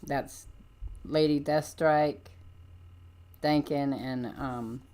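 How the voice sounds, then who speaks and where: A woman's voice: deep voice, steady tone, extremely slow, warm tone. A woman hosting a livestream, chatting casually and rambling as she jumps between points with lots of ums. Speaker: livestream host. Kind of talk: casual chat about comics.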